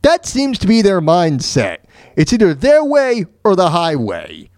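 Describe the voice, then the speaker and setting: A man's voice: sits high, wildly swooping pitch, unhurried, darkish tone, no room sound, studio quality. A man hosting his own talk show, delivering an opinionated rant and often stumbling and restarting mid-sentence. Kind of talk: opinionated monologue.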